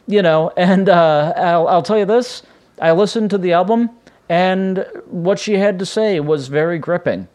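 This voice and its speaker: A chatty man hosts his podcast alone from a room at home, his voice sitting a little high for a man. He rambles along in a loose, casual way, often stopping to restart a thought. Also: moderate pace, darkish tone. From United States. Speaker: podcast host. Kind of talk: casual solo podcast chat.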